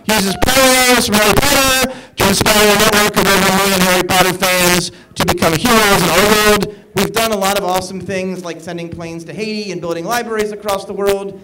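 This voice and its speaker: A man working as an event emcee, energetically leading a live audience in call-and-response chants and shouting to pump them up. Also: high-pitched, fairly even intonation, brisk, hardly any pauses. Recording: live event with loud crowd and background noise. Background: crowd noise.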